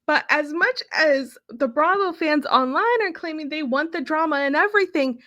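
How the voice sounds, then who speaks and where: A woman's voice: sits high, pushed and bright. A woman hosting a podcast, chatting casually and emphatically as she recaps a reality show. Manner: emphatic, quick to agree. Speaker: podcast host.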